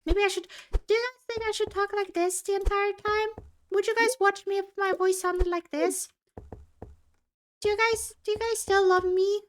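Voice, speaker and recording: Woman putting on a squeaky childlike voice. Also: fairly even intonation, normal speed. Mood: playful. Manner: playful, asks viewers for approval. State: strains her voice. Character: squeaky silly childlike cutesy voice. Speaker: streamer. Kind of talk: casual live-stream chat.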